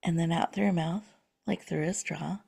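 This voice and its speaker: Soft-spoken woman guiding a meditation. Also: lowish voice, fairly even intonation, creaky, husky. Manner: slow, soothing, drops to whispers. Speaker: host. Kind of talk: guided breathing meditation.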